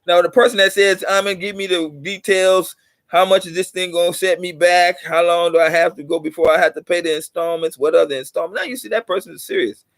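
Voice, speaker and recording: A middle-aged man lectures his viewers in a loose, rambling monologue, circling back to repeat himself and getting lively to hammer a point home. His voice sits a little high for a man. The sound is close and dry, with no room echo. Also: fast talker. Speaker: channel host.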